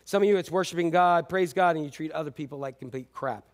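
A man preaching a sermon as a pastor, animated, swinging between loud and hushed delivery. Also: on the high side, fast.

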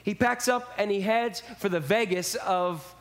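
A man's voice: sits high, unhurried. A man preaching a sermon in a church, speaking casually and acting out quotes in character voices. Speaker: pastor.

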